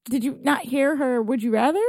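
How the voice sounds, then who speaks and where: High-voiced woman in blunt slangy banter. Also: normal speed, crowd noise. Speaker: podcast co-host. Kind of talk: casual group chat.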